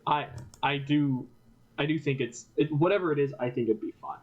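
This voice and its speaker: On a podcast, a male co-host chats casually about a film and acts out characters in quoted voices. He speaks a little high at normal speed, and the lo-fi audio sounds dull.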